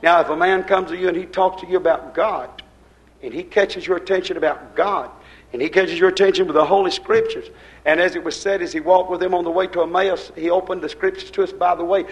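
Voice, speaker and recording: An older man preaching a sermon. He swings between loud, pushed lines and hushed, quiet ones. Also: high-pitched, fairly even intonation, brisk, low-quality recording. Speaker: pastor.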